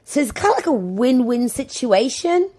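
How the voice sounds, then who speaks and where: Chatty, husky woman rambling. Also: sits high, very animated, moderate pace, warm tone. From London. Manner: chatty, rambling, digressive storytelling. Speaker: podcast host. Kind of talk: casual solo podcast chat.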